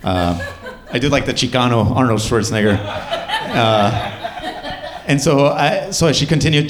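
A man's voice: mid-range voice, lively intonation, normal speed. A young man doing a stand-up comedy set, with a loose, wry delivery full of fillers.

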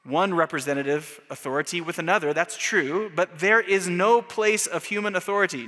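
A man's voice: fairly high pitch, a bit bright, big-room sound. A man preaching a sermon, earnest and building to emphatic rhetorical questions. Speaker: pastor.

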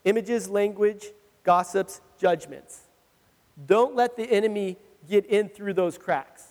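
A man with a high voice preaches a casual, animated sermon, slipping into personal stories and chuckling at his own admissions. His voice rings out with a long reverb, as if from a big church hall. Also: slow. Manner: animated, conversational, laughs at himself. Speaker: pastor.

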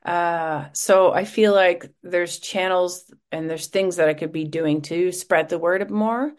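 A woman's voice: lowish voice, slow. A middle-aged woman, a podcast host being interviewed, chatting casually and acting out quotes as she tells stories. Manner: animated storytelling, acts out quotes.

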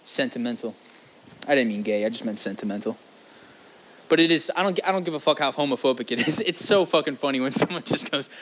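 A man's voice: medium pitch, lively intonation, quick pace, fairly bright tone. A young man talking straight to his audience in a loose, wandering monologue. He swears constantly, cracks crude jokes and drifts from one tangent to the next. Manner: crude, profane and jokey, wandering off topic. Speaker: vlog host. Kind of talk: rambling casual monologue.

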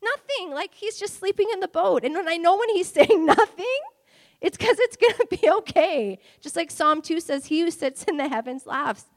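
A woman preaching a sermon in an animated, conversational way, laughing lightly between phrases. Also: very high-pitched, normal speed.

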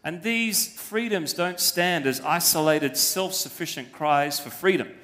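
A pastor preaches emphatically to his congregation, asking rhetorical questions, his voice fairly high, bright and forceful at a slightly slow pace. The church setting gives the recording a long, hall-like reverb.

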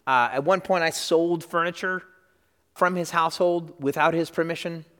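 A man's voice: on the high side, normal speed. A middle-aged man telling a story in a sermon at a church service, acting out the people he quotes. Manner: animated storyteller, acts out quotes. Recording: long reverb of a large hall.

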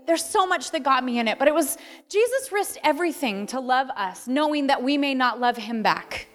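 A woman's voice: high-pitched, animated, moderate pace. A woman, middle-aged, preaching a heartfelt sermon with laughter and moments of tears. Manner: heartfelt, tearful at times, laughs often. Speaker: pastor. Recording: long hall reverb with soft music.

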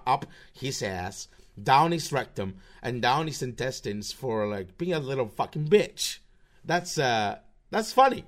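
A man with a somewhat raised pitch rants through an online commentary segment. He talks in a rambling, swearing, mocking way, stumbling over restarts as he goes. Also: a bit bright. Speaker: show host.

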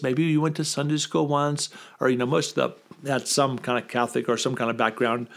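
A man's voice: medium pitch, fairly quick, vocal fry, few pauses. A man as a guest on a conversational show, telling a story and acting out the people in it. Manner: lively, acts out quoted voices in the story. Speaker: guest speaker.

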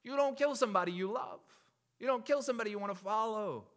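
A young man preaching a sermon in an animated, joking way, acting out the crowd's reactions. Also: high-pitched, quick pace. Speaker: pastor.

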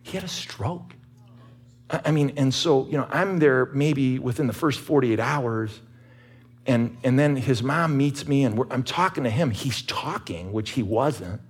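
A middle-aged man preaching a sermon as pastor, husky-voiced, telling stories and rising to emphatic peaks. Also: medium pitch, unhurried. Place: church sanctuary.

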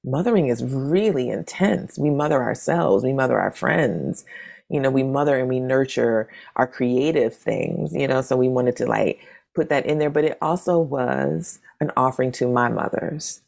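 This is a woman in her forties with a strikingly deep voice and a gravelly texture. She talks in a relaxed, conversational way as a guest. Whenever she quotes someone, she acts the words out with big leaps in pitch. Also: normal speed. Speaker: interview guest, zine maker. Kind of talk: casual storytelling conversation.

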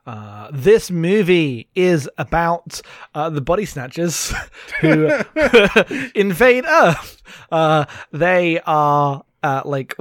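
A podcast co-host rambles through casual chat over a remote call mic, laughing often as he recounts films. His voice is fairly high and sing-song, with a fairly bright tone and a very slow delivery. The recording is dry and of studio quality.

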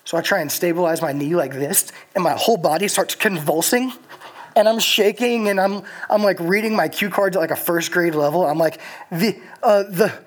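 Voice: mid-range voice, brisk. A young adult preacher giving a casual sermon, telling the story in a chatty way with lots of filler words.

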